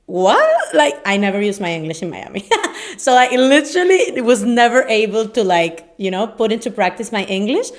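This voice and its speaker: A woman's voice: medium pitch, expressive, fairly quick. Chatty young woman podcast host. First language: Spanish. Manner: chatty, laughs often, filler-heavy. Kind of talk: casual chat.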